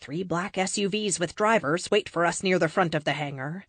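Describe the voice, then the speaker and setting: A woman's voice: fairly low pitch, normal speed, a bit bright, husky, no echo, studio quality. A woman narrating a superhero audiobook in the first person, telling the story expressively.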